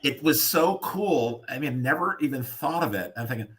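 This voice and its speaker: An older man co-hosting a casual chat show, talking in a halting way with many pauses. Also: medium pitch, expressive, fairly bright tone, breathy edge. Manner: halting, full of pauses and ums. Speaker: co-host.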